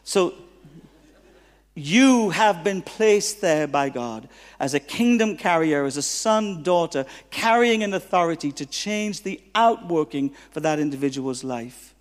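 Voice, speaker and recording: A man's voice: a little high, measured pace. A man preaching as a guest pastor, telling stories with humor and acting out the dialogue. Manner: animated, humorous, acts out dialogue. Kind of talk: sermon with storytelling. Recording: long reverb of a hall.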